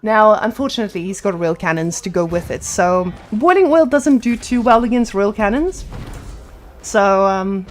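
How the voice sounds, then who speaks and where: A female esports caster with a medium-pitched voice delivers energetic play-by-play of a match and is quick to hype up the big plays.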